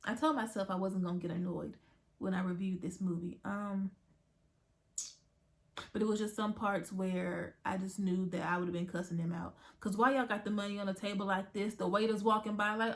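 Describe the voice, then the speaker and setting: A woman giving a casual spoken movie review to her viewers, retelling scenes in an animated way with frequent asides. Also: medium pitch, normal speed.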